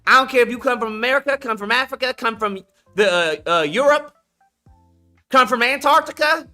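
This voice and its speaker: A man's voice: very high-pitched, brisk, sharp tone, faint music behind. A man hosting a live call-in stream, blunt and emphatic, slangy, repeating his points for effect. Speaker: livestream host. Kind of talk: casual commentary with callers.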